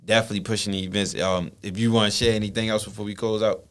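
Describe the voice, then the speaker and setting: A man's voice: lowish voice, level tone, racing, a bit bright. A young man hosting a podcast in casual, slangy chat, laughing often. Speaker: podcast host.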